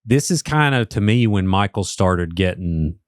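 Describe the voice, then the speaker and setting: Chatty Appalachian man, lowish voice. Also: animated, unhurried, dry recording, studio quality. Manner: chatty, filler-heavy, emotional asides. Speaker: podcast co-host. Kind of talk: casual podcast conversation.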